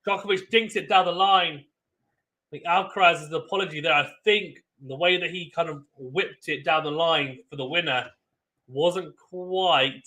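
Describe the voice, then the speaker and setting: A young man hosting a live tennis watchalong, giving excitable play-by-play with sudden bursts of loud surprise and chatting with viewers. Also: fairly high pitch, a little slow. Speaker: watchalong host.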